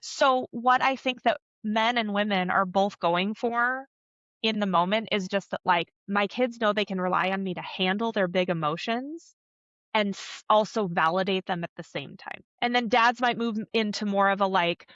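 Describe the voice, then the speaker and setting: A woman's voice: mid-range voice, moderate pace, fairly bright tone, dry recording. Earnest woman coach, dry and dull. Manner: earnest, coaching, acts out little quoted voices. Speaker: somatic coach, podcast guest. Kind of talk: explanatory interview talk.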